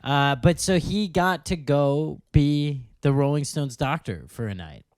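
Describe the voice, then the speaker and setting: A man telling a story on a casual podcast, his voice sitting a bit high and swinging widely in pitch. He laughs a lot and keeps slipping into goofy impressions. The sound is close and dry. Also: animated, a little slow, a little mellow, clear, resonant tone, no room sound. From Minnesota. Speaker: podcast co-host.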